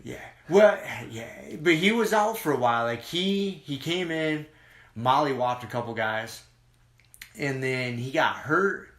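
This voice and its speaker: A man chatting on a podcast in a casual, profane, excited ramble. His voice is bright and forceful, and the room has a noticeable echo. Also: medium pitch, measured pace. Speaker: podcast co-host. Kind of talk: casual chat.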